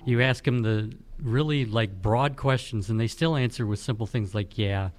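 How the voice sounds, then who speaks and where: A man's voice: mid-range voice, moderate pace. A man hosting a casual music interview, giving short encouraging replies and laughing often. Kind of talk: casual chat.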